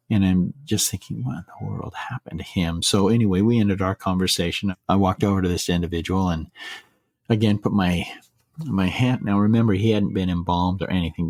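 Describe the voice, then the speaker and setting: A middle-aged man with a deep, low voice tells a personal story on a podcast. He speaks earnestly and haltingly, often stopping to restart a phrase. The recording is dry and close, with no room sound. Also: darkish tone, no echo. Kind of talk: casual storytelling.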